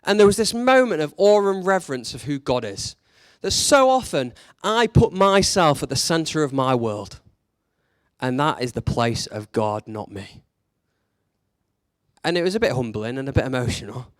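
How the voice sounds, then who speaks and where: A man's voice: mid-range voice, sing-song, moderate pace, no room sound, clean studio sound. A man preaching a sermon in a conversational, candid way, leaning into emphatic rhetorical questions.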